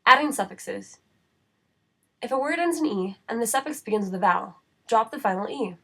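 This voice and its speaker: A woman's voice: a little high, animated, gravelly, a bit bright. Woman reading a spelling lesson. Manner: measured, reads word lists slowly. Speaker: writing center instructor. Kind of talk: scripted instructional narration.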